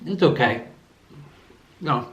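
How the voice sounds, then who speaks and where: A man with a fairly high voice talks casually while he eats. He rambles along with lots of ums and restarts. The room around him is echoey. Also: animated, slow, lo-fi sound. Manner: rambling, with many fillers and self-corrections; eating between remarks. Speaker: vlogger reviewing a movie while eating. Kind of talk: casual chat.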